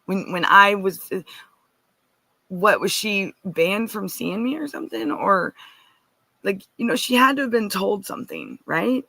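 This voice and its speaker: Gravelly-voiced woman telling her story. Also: mid-range voice, a little slow, sharp tone, no echo. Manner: earnest, rambling with restarts, asks listeners directly. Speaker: guest. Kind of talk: emotional personal account.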